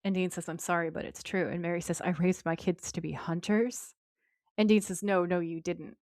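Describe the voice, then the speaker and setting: A woman co-hosting a podcast, retelling a TV episode with lively quoted lines in casual chat. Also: fairly low pitch, normal speed, dry recording, clean studio sound. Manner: lively retelling, quoting characters in her own voice. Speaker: podcast co-host.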